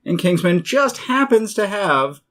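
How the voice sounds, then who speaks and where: A man's voice: high-pitched, very animated, measured pace, a bit bright. A man hosting a casual podcast with his co-hosts in the same room, giving wry, dry reactions. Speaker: podcast host.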